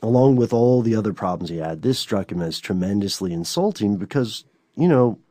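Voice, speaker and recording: A man's voice: fairly low pitch, expressive, brisk, mellow, no room sound, studio quality. A man co-hosting a podcast in casual chat, talking loosely and checking in with "you know" and "right?". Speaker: podcast co-host.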